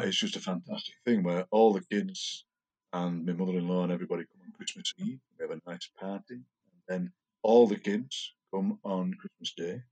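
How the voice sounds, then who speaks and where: Older man, low husky voice, enthusiastic chatty interview guest. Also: darkish tone. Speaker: poet guest. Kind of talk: casual interview chat.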